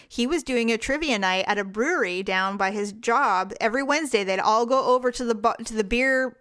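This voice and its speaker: A middle-aged woman co-hosting a podcast in easy, casual conversation. Her voice sits a little high for a woman. She reacts fast and laughs easily. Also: a bit bright. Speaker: podcast co-host. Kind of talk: casual chat.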